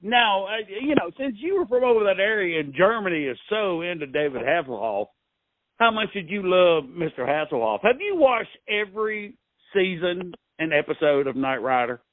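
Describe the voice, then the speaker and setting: A man's voice: high-pitched, very animated, normal speed, dry recording, narrow, tinny audio. A male host, rambling in a folksy, joking way through a casual interview. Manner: rambling, folksy, restarts a lot.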